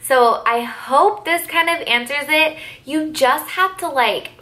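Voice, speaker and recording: A young mother answers viewer questions in a casual vlog, talking in a relaxed, chatty way full of little fillers. Her voice is bright and a touch high. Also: takes it slowly. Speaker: vlogger and mother of three.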